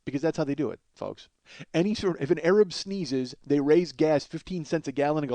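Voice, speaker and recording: A man's voice: fairly high pitch, fast, mellow, dry recording. A man in his forties hosting a comedy podcast, rambling through absurd running bits and laughing at his own jokes. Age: 40s.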